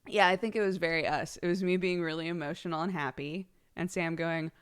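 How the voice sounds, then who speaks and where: A woman's voice: lowish voice, steady tone, a little fast, smooth. A young woman livestreamer chatting casually with her viewers. She is bubbly and giggly, and she thanks subscribers by name. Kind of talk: casual chat with live viewers.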